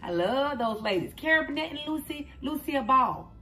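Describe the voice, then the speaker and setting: Bright-voiced chatty woman host. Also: high-pitched, lively intonation, fairly quick. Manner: rambling, chatty, often calls viewers y'all and child. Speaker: mukbang host. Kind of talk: casual chat to viewers while eating. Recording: speaking from a distance with faint music.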